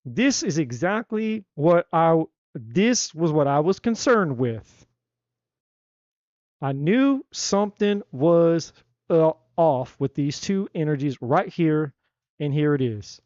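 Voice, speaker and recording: A man giving a live tarot reading in a blunt, animated, slangy way. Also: on the high side, slow pace, dry recording, muffled recording. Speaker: tarot reader.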